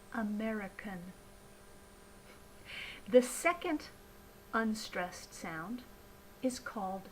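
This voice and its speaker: A woman teaching pronunciation, speaking slowly and deliberately and modeling words with careful enunciation. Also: mid-range voice, a little hiss or hum, poor audio. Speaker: English pronunciation tutor. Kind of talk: slow scripted teaching narration.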